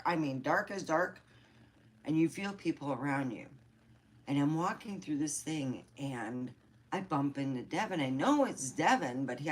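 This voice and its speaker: A middle-aged woman talks unhurriedly in a low voice, rambling through a casual livestream chat. She is candid and loose, cursing freely as she goes. It sounds like a phone or webcam mic. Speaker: livestream host.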